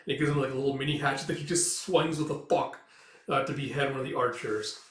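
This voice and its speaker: A man's voice: medium pitch, steady tone, fast, fairly bright tone. A man casually retelling a comic's action scenes, with loose fillers and spoken sound effects. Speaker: comic reader. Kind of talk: casual read-through narration. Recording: roomy, distant mic.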